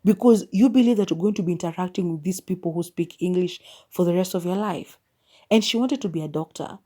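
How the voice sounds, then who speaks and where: Mellow-voiced Kenyan woman musing aloud. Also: lowish voice, fairly quick. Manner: opinionated, candid and musing. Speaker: podcast host. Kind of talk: solo podcast monologue.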